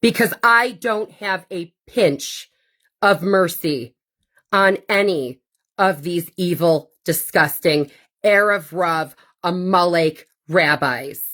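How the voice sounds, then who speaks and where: A woman's voice: on the low side, slow, a bit bright. Blunt, profane woman ranting as podcast host. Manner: blunt, profane and combative, with sarcastic asides. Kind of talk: ranting monologue.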